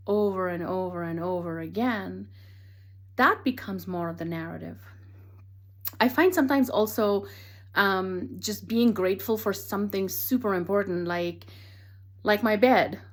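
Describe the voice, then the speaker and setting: A woman who works as a transformational teacher, gently and earnestly talking through her thoughts in a reflective monologue. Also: medium pitch, normal speed. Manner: earnest and gentle, speaks affirmations softly.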